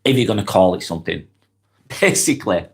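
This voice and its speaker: Deep-voiced and brisk, with lively intonation and some vocal fry, a Lancashire man with a cold runs a casual live vlog from northwest England. He reads viewers' comments out and responds to each one in a direct, chatty way.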